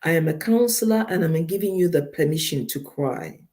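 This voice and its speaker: Emphatic woman counselor, mellow voice. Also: deep voice, lively intonation, moderate pace. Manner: emphatic, repeats key points, direct advice to listeners. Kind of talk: counseling talk on a radio show.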